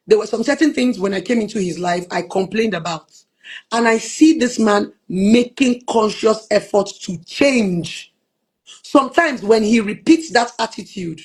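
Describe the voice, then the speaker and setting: A Nigerian woman speaking as a relationship therapist in an interview, earnest and often quoting soft lines from her partner. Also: fairly high pitch, breathy edge. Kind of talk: interview conversation.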